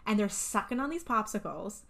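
A young woman co-hosting a podcast, chiming in casually with short reactions and quick laughs. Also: mid-range voice, expressive, creaky, a bit bright. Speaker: podcast co-host. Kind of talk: casual chat.

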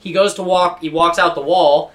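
A man's voice: on the high side, moderate pace. A man casually discussing a movie scene with friends, acting out characters' lines as he goes. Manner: animated, acts out characters' lines. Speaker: podcast co-host.

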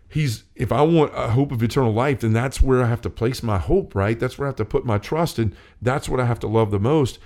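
A man's voice: medium pitch, darkish tone. A man talking earnestly about faith on a talk show, reading quotes and urging listeners, with frequent restarts and fillers. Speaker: co-host of a Catholic talk show.

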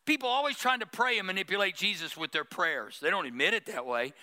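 A pastor preaching a sermon in church, with humor and mock prayers. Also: male voice, high voice, expressive, quick pace, hardly any pauses, sharp tone.

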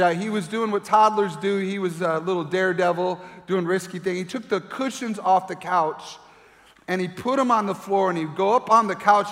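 A middle-aged man preaching a sermon as pastor, telling a family story and acting out voices as he goes. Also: high-pitched. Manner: animated storyteller, acts out voices. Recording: long reverb of a large hall.

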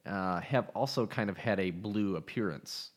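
Low-voiced rambling podcast host. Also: male voice, moderate pace. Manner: rambling, swears casually, many fillers. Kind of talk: casual chat.

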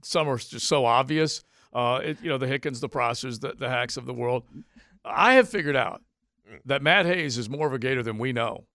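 A man's voice: mid-range voice, normal speed, bright, forceful tone, no room sound, clean studio sound. A man co-hosting a sports radio show with wry jokes and easy agreement. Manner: wry, agreeable, joking asides. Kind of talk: casual sports talk. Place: radio studio. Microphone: studio mic.

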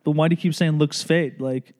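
A man with a slightly high voice, co-hosting a casual podcast. He tells stories with energy and acts out the people in them as he goes. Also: brisk. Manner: animated storyteller, acts out drivers and friends. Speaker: podcast co-host. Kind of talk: casual chat.

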